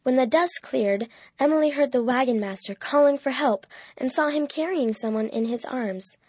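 A woman reads a storybook aloud in a clear, measured way. Her voice sits fairly high, and the recording is dry and close, with no room around it. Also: darkish tone, no echo. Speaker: narrator. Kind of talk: storybook reading.

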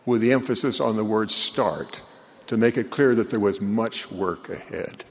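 An older man, a church leader, delivering an earnest, measured eulogy sermon in a large hall. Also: on the low side.

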